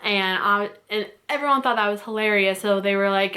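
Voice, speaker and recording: A woman's voice: medium pitch, steady tone, moderate pace, sharp tone. A young woman vlogger telling a personal story in a casual, rambling way with many fillers and restarts, close to tears. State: teary, close to crying.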